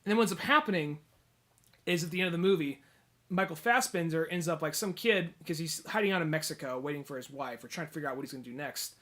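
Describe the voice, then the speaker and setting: A man's voice: a little high, fast, bright, forceful tone. A man co-hosting a comedy podcast, rambling and swearing as he recaps a movie and acts out bits of dialogue. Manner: rambling, profane, acts out quotes. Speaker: podcast co-host. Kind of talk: casual comedy podcast chat.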